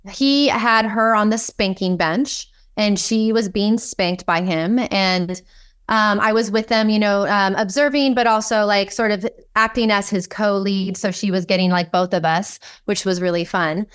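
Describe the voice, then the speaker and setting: A woman guest on a podcast, telling a lively anecdote in conversation, with frequent "like" and "um". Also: medium pitch, a little slow, clean tone. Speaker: guest, kink educator. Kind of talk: storytelling in conversation.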